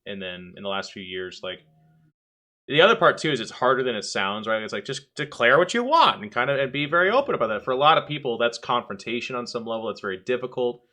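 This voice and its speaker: A man's voice: mid-range voice, animated, quick pace, bright, forceful tone. A man hosting a podcast in casual chat, thinking aloud and reflecting with frequent restarts. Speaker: podcast host.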